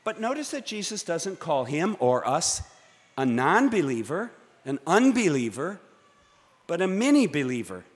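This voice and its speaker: A man preaching a sermon from the pulpit, measured and dramatic, with pauses for effect. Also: a little high, sing-song. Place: church sanctuary. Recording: long church reverb.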